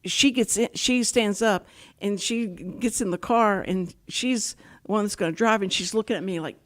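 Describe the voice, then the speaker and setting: Older woman, talk show host, chatty rambling storyteller, mid-pitched everyday voice. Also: normal speed. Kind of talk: casual talk show interview.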